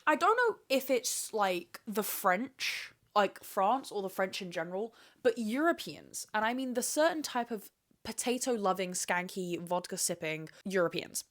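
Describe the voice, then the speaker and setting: A woman's voice: mid-range voice, lively intonation, a little slow, fairly bright tone. A young woman hosting a casual solo podcast, talking candidly and rambling with plenty of swearing, asking herself questions and answering them. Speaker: podcast host.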